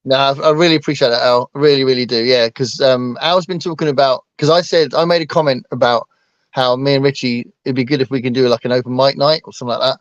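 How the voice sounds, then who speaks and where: A man's voice: mid-range voice, fairly even intonation, quick pace, no echo. Guy rambling on in a casual book chat, lots of ums, muffled and kinda dry. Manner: rambling, with many fillers and restarts. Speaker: booktuber co-host.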